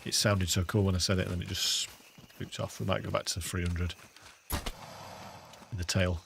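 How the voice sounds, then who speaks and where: English male game streamer, low and a bit gravelly, loose chatty commentary. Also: level tone, quick pace, fairly bright tone, a little hiss or hum. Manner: chatty, laughs often, calls viewers "mate". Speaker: gaming livestreamer. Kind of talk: casual livestream commentary.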